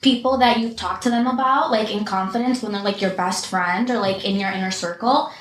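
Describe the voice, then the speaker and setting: A woman in a casual group discussion who explains things slowly, with lots of "like" fillers. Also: medium pitch. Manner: drawn-out, filler-heavy explaining. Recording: echoey room, faint background noise.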